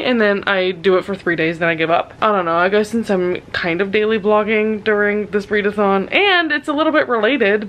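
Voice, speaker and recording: A woman's voice: mid-range voice, fairly bright tone. A young woman casually vlogging about her reading, candid and self-deprecating, with some swearing. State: tearful. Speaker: book vlogger. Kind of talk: casual vlog chat.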